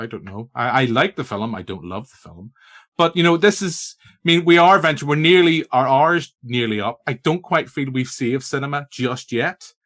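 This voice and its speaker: A Northern Irish man hosting a film podcast, chatting casually and bantering playfully with his guests. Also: mid-range voice. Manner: animated, playful, stubborn banter. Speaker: podcast host. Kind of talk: casual chat.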